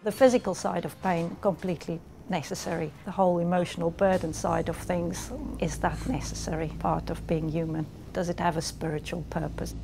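A woman's voice: on the low side, fairly even intonation, fairly quick, creaky, few pauses. A woman in a documentary interview, reflective, posing questions aloud. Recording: noisy background.

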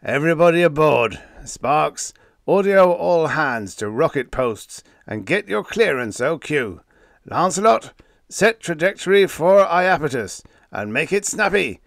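A man's voice: a little high, big pitch swings, unhurried, creaky, no echo, studio quality, pitched above the performer's own voice, heavily acted. A man voicing a bossy, short-tempered old spaceship captain who growls orders in folksy, ungrammatical speech. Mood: gruff. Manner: growling, snapping, folksy grammar.

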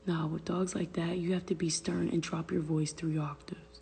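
A woman's voice: fairly low pitch, little pitch movement, normal speed, vocal fry, few pauses, dark tone, in a large hall, slight background noise. A woman chatting casually on a phone livestream from her family room, rambling and swearing freely and slipping into whispers. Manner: loose, profane, rambling, drops to whispers. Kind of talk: casual livestream chat, reading comments.

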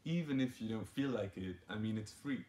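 A man's voice: fairly low pitch, lively intonation, fairly quick, a little mellow. A man teaching a ukulele strum in a casual, playful way, counting and chanting the rhythm aloud while he plays. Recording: roomy sound with ukulele playing.

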